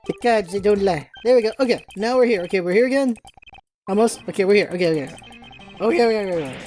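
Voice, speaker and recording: A woman's voice: medium pitch, lively intonation, a little mellow, soft background music. Chatty woman playing a game. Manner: chatty, self-mocking, quick exclamations. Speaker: let's play host. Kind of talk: casual game commentary.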